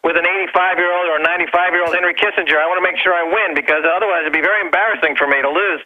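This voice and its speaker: A man's voice: sits high, steady tone, rapid-fire. A man calling in as a guest on a talk radio show, brash and provocative, on a phone line. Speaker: guest commentator. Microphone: telephone.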